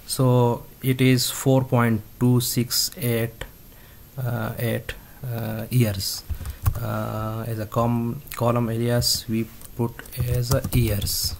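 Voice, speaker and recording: A man teaching a database tutorial step by step, halting often with fillers and restarts. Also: medium pitch, flat delivery, gravelly, a little mellow, a little hiss or hum. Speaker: instructor. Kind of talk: screen-recorded coding tutorial.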